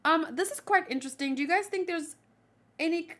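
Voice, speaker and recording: A woman's voice: extremely high pitch, a little fast, a bit bright. A woman hosting a manga read-along, reading aloud and chatting casually, thinking aloud with restarts as she talks.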